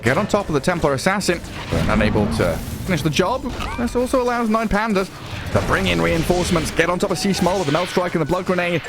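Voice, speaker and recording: A man with a Northern English accent giving lively play-by-play commentary on an esports match, excitable and quick to laugh. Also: high-pitched. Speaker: esports caster. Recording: music playing underneath.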